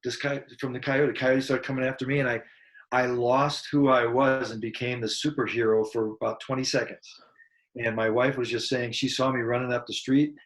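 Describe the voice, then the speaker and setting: This man talks at a middle pitch, as a guest musician telling a story in a casual interview. He is earnest and reflective. He grows animated when he acts out what people said. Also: normal speed, rough recording.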